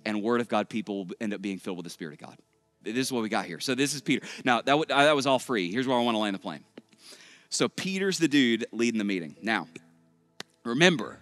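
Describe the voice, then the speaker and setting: A male pastor from Texas preaching a sermon to a big church room in a conversational, joking, animated way. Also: medium pitch, no room sound. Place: large church auditorium.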